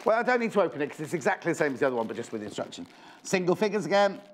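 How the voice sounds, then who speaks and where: A man's voice: a little high, very animated, very fast, a little hiss or hum. A man presenting on a live shopping channel, chatty and rambling, counting down stock and correcting himself as he goes. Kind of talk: live TV sales pitch. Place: TV studio.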